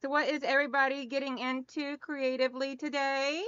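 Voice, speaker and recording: A woman's voice: high-pitched, little pitch movement, fairly quick, a bit bright, no room sound, highs cut off. A middle-aged woman hosting a hand-quilting livestream, chatting casually and greeting viewers by name, calling them hon and girl. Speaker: craft channel host.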